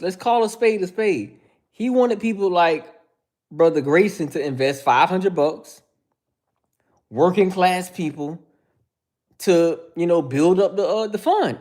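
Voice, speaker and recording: A man hosts a livestream, riffing bluntly and jokingly while he shouts out viewers. His voice sits high for a man. It swings up and down a lot as he talks. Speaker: host. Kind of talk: livestream commentary.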